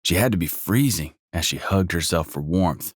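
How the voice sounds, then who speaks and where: A man with a very low voice reads a first-person audiobook in a measured, even way. The sound is dry and close, with no room around it. His delivery stays steady through description and scene. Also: slightly rough, no room sound. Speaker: audiobook narrator.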